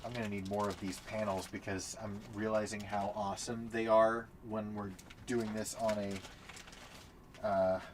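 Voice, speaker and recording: A man's voice: lowish voice, little pitch movement, a little slow, a little hiss or hum. A man casually chatting while setting up a tabletop game on a live stream, often mumbling to himself as he sorts pieces.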